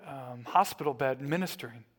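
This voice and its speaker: A man's voice: medium pitch, normal speed. Conversational male pastor preaching. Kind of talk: sermon.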